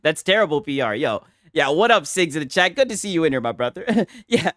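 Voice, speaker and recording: A man's voice: on the high side, big pitch swings, fairly quick, fairly bright tone, dry recording. Male streamer, joking and laughing, dry close sound. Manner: laughing, joking, sings parody lines. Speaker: streamer reacting to a clip. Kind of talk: casual live-stream reaction.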